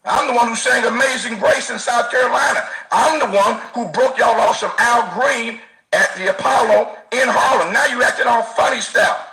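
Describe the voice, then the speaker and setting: A man's voice: very high-pitched, moderate pace, pushed and bright, full character voice. A man performing a satirical impression of a male former president, preaching in call-and-response style with laughter in it. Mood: mocking. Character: male former president, mock sermon of self-defense. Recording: roomy clip with faint music.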